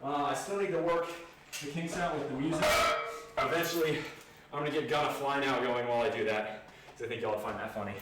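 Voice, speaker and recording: A man's voice: medium pitch, steady tone, fast. A man out of breath after a workout, chatting casually and jokingly to viewers of his livestream from his home garage gym. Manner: panting, chatty, jokey. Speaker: fitness vlogger. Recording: echoey garage, distant mic, noisy.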